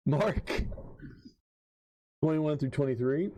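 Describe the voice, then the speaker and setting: A man running a tabletop horror game as game master, describing scenes slowly with frequent pauses and reading old verses aloud. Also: medium pitch, mellow, rough recording. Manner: slow, measured descriptions with frequent ums.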